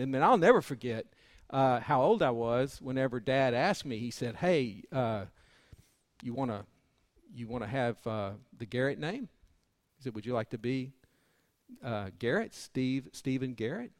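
A man preaching a sermon, telling personal stories in a folksy way, his voice swinging between loud passages and hushed ones. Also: mid-range voice, no room sound, clean studio sound.

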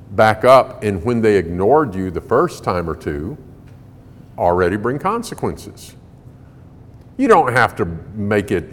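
A man answering parenting questions before a live audience, folksy and emphatic, laughing often. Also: on the low side. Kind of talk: conversational Q&A talk to a live audience. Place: large hall in a building. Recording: long hall reverb.

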